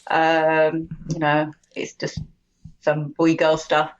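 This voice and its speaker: A woman's voice: low voice, monotone, slow pace, dull audio. A British woman talking casually as a podcast guest, chatty and laughing often, acting out little quotes. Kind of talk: casual chat.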